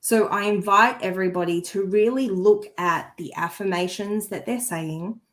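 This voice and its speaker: A woman's voice: mid-range voice, moderate pace. Earnest woman co-host, heartfelt coaching. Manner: restarts sentences while searching for words. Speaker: co-host and energy healer. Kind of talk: casual podcast chat.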